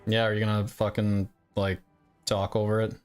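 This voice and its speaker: A man's voice: fairly low pitch, completely flat delivery, normal speed, soft background music. A man bantering on a game livestream, teasing with sarcastic, profane jokes.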